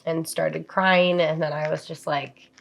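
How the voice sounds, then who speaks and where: A woman in her thirties co-hosts a casual podcast, speaking candidly and reflectively with plenty of filler likes. Her voice sits low, with a gravelly fry running through it. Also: little pitch movement, unhurried. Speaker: podcast co-host. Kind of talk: casual chat, personal storytelling.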